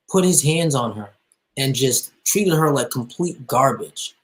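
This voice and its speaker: A young man, a musician guest, telling his personal story with emotion, halting and full of restarts and fillers. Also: mid-range voice, low-quality recording.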